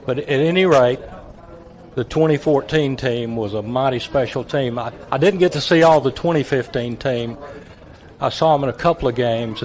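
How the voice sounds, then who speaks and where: Folksy retired announcer reminiscing. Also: male voice, mid-range voice. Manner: folksy, halting storyteller with repeated words. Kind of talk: reminiscing guest on a talk show.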